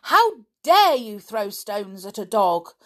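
A woman's voice: mid-range voice, very animated, a little slow, husky, pitched above the performer's own voice, full character voice. A woman voicing a fierce, dog-loving tomboy girl who speaks with fiery indignation in a storybook. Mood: furious.

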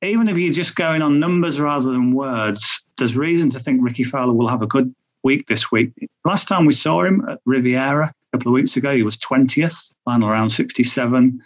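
A man's voice: mid-range voice, fairly quick. A man talking on a podcast as a golf betting tipster. He chats through stats and odds with many fillers. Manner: chatty, reels off stats and odds with frequent fillers. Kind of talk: podcast chat. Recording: dull lo-fi audio.

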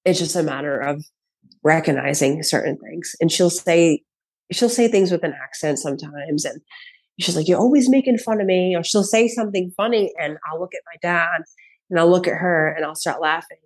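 Animated woman in her thirties telling stories. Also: low-pitched, moderate pace. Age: 30s. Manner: animated, acts out quotes, laughs often. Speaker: comedian, podcast guest. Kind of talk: casual storytelling chat.

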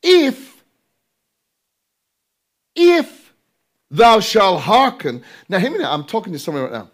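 A man's voice: high voice, very animated, fast, a bit bright. A man preaching a sermon, emphatic and drawn out, repeating phrases and throwing rhetorical questions to his listeners.

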